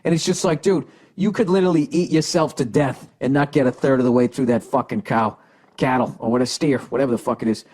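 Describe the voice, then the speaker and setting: A man's voice: mid-range voice, quick pace, a little mellow. A man with a Boston accent hosting a podcast, giving blunt, sarcastic, profane advice as he reads listener letters, with the hiccups. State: has the hiccups. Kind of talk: casual podcast advice rant.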